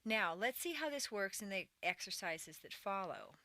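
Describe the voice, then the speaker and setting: A woman reading a scripted English pronunciation lesson, with clear, deliberate speech and exaggerated intonation in the drills. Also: mid-range voice, sing-song, bright, forceful tone, no room sound. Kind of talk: scripted audio lesson narration.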